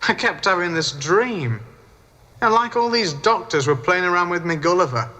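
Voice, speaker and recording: A young male delinquent muses about a strange dream in a loose, conversational way. His voice sits a little high, with a bright, sharp edge to it. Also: animated, moderate pace. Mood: uneasy.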